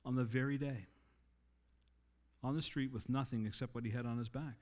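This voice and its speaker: A man's voice: steady tone, darkish tone. Earnest male preacher in a reverberant hall. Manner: earnest, rises in pitch and volume for emphasis, slows on key lines. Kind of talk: sermon.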